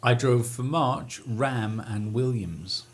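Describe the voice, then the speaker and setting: A man's voice: mid-range voice, slow pace, slight background noise. A man co-hosting a casual motorsport podcast, playful and joking, giving quiz clues. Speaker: podcast co-host running a quiz. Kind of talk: casual chat.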